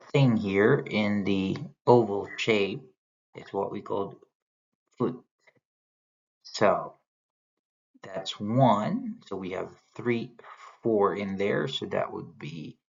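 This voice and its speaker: A man's voice: fairly low pitch, gravelly, a bit bright. A man teaching a lesson on poetry, explaining step by step as he points to examples on slides. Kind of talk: recorded lecture on poetry. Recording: dull lo-fi sound.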